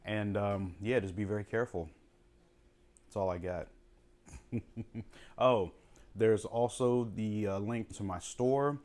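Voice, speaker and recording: A man giving a relaxed, chatty cooking demonstration with step-by-step tips for his vlog. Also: on the low side, slow, pauses often. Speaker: cooking vlogger. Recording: home video with music behind.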